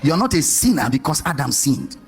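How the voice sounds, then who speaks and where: A man's voice: a little high, very animated, brisk, vocal fry, faint music behind. A man preaching a sermon, questioning his congregation and stressing points in a sing-song way. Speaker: pastor.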